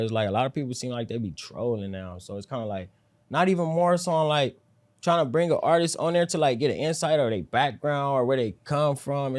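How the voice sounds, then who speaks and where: A laid-back man in casual interview chat, speaking low and calm, sometimes close to a whisper. His talk is loose and unhurried, full of slang and easy fillers. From South Central Los Angeles. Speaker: rapper, interview guest.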